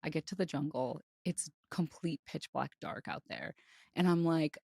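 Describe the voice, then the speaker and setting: A woman's voice: sits low, moderate pace, gravelly, slightly rough, no room sound. Chatty woman podcast co-host, dry mic. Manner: animated storytelling, laughs often. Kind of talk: casual chat.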